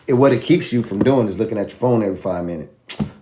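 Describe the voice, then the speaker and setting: A man casually teaching trading, animated and slangy, acting out both sides of an argument with himself. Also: on the low side, quick pace. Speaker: trading educator.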